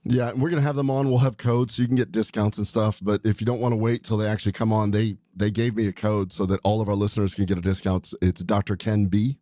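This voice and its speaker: A man with a lowish voice hosts a casual podcast chat in a studio. He rambles along in an upbeat, excited way. The sound is close and dry. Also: fast talker, hardly any pauses, no room sound. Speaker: podcast host, doctor.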